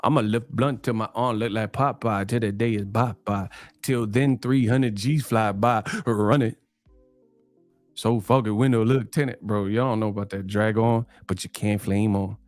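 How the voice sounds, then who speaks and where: A man's voice: on the low side, fairly even intonation, moderate pace, darkish tone, no room sound, soft background music. A man from New Mexico hosting a live stream, bantering in slang, laughing often and reading donations. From New Mexico, USA.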